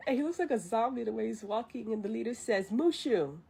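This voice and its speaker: Chatty woman streamer recapping a film from memory, breathy voice. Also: on the high side, fast talker, a little mellow. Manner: chatty, self-amused, loses her place. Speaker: vtuber streamer. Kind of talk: casual retelling of a film from memory.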